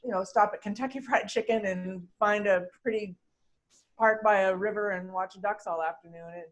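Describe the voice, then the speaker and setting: A woman speaks of her mother at an online funeral, emotional and close to tears. Her voice is soft and hesitant, with trailing pauses. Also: mid-range voice, fairly even intonation, poor audio. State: emotional, holding back tears. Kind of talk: unprepared personal eulogy over video call. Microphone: video call.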